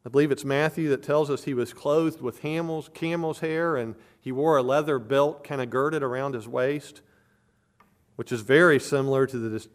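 A man preaching an expository sermon as pastor, earnest and emphatic, building points through repetition. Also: mid-range voice.

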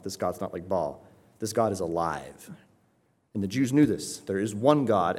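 With emphatic conviction, a preacher delivers his sermon, moving between quiet, low-voiced stress and raised emphasis. He keeps checking in with his listeners by asking "right?"

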